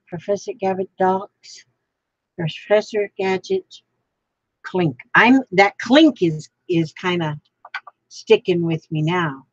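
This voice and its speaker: A woman's voice: mid-range voice, no room sound, muffled recording. A woman vlogging while she crafts, thinking aloud in a rambling way, trying out names and chatting to the piece she is making.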